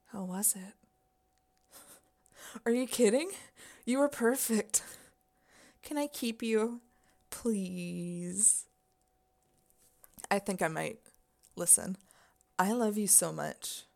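A woman speaks in a whispered role-play, playing a commanding, teasing partner. Her delivery is unhurried, with a husky fry in the voice. She moves between a soft spoken tone and breathy whispers. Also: medium pitch.

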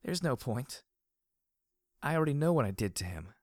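A man's voice: mid-range voice, very animated, moderate pace, a little mellow, no room sound, studio quality, pitched above the performer's own voice, close to an everyday voice. A man voicing a worn-out, strained pony hero in an audiobook. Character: frazzled, weary pony wanderer, the hero. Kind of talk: audiobook character voice.

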